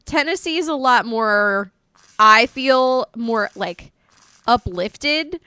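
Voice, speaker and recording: A North Carolina woman with a Southern accent from that state chats casually and animatedly with live-stream viewers, rambling as she goes. Her voice sits on the high side, slow, clear and resonant, with no room sound.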